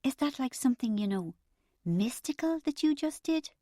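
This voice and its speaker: A woman reading an audiobook, voicing a gentle, earnest teenage boy with a nasal voice. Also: extremely high pitch, big pitch swings, moderate pace, dry recording, clean studio sound, pitched above the performer's own voice. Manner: earnest, hesitant.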